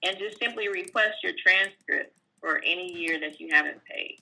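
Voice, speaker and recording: A woman's voice: on the low side, moderate pace, vocal fry, pushed and bright, rough recording. A woman tax professional, a guest, explaining filing rules step by step in a plainspoken, casual way, with fillers. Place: California.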